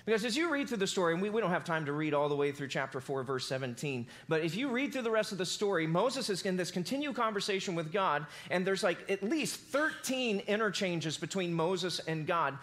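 High-voiced man preaching a casual sermon. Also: fairly quick, few pauses. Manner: casual, conversational, animated storytelling. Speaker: pastor.

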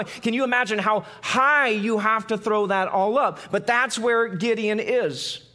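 A man preaching a sermon in a conversational way, acting out quotes and dropping low and quiet for emphasis. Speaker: pastor.

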